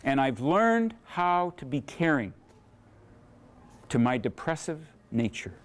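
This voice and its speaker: A man, an author, giving an earnest and reflective public talk in a bookstore, with dramatic pauses and a read-out poem. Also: mid-range voice. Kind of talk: public talk with poetry reading. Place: bookstore event.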